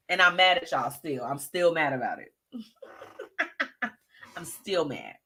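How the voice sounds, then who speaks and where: Sassy bright-voiced woman host. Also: on the low side. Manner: sassy, chatty, talks straight to listeners. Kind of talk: live show gossip commentary.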